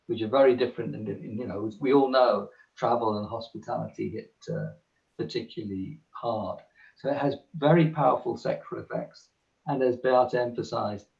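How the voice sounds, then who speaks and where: A man giving a measured, emphatic webinar talk from home over a video call, pausing often with "uh". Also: on the low side, creaky, muffled recording. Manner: measured, emphatic, frequent "uh" pauses. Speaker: panel speaker. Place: home in the countryside.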